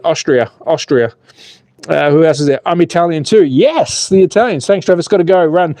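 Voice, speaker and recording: A man hosting a live stream outdoors, commentating with excitable jokes and reading viewer chat aloud. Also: a little high, fairly quick, no room sound. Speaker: slot car channel host.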